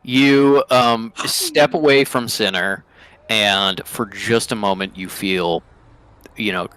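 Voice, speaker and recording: Hesitant, low-voiced male game master. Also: slow, fairly bright tone, smooth. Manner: hesitant, many ums and uhs. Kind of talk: narrating a tabletop game.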